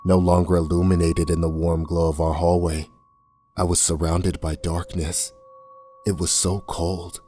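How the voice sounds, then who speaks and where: A man reading a horror story aloud in a somber, measured way. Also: low-pitched, little pitch movement, warm tone. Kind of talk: scripted horror narration. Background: faint music.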